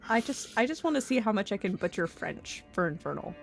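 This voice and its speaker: A player in a tabletop game, chatting casually and wryly, quick to laugh. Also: mid-range voice, big pitch swings, vocal fry, soft background music.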